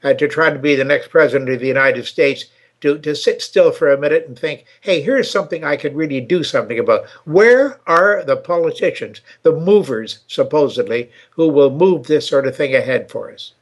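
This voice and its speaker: An older man hosting a podcast, talking casually and telling a joke with halting repetitions. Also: mid-range voice. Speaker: show host.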